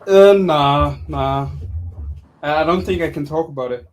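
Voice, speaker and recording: A young man with a Swedish accent, his voice set a touch high. He speaks bluntly, stumbling and restarting as he goes. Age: young adult. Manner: halting, restarts often, blunt. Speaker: guest, student. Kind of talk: casual chat.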